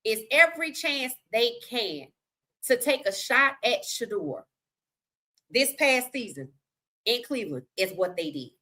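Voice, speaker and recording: A woman's voice: fairly high pitch, animated, measured pace, sharp tone. Outspoken woman podcast host. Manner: outspoken, colloquial, heated opinion. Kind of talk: casual sports talk livestream, reading chat.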